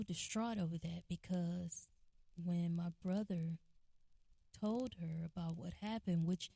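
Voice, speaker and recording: Low gravelly woman telling a memory. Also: steady tone, slow pace, warm tone, no room sound. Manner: earnest and reflective, with restarts and acted quotes. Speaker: interviewee recalling a family memory. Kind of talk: oral history storytelling.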